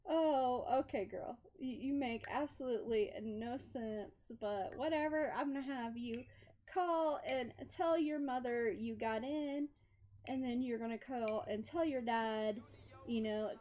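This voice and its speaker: High-voiced woman chatting over gameplay. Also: a little slow, mellow, a little hiss or hum. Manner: chatty, talks to her character, laughs often. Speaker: gameplay commentator. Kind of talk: casual life-sim gameplay commentary.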